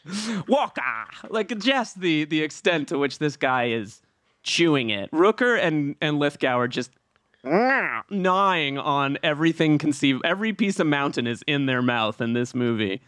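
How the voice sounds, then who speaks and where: A man hosting a film podcast, talking in a casual, excitable way and laughing easily. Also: on the high side, clean tone, no echo, clean studio sound. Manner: animated, excitable, quick to laugh. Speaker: podcast host.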